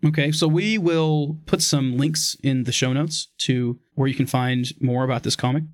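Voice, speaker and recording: A man's voice: mid-range voice, steady tone, normal speed, no room sound, studio quality. A man hosting a casual podcast, talking enthusiastically and upbeat. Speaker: podcast host.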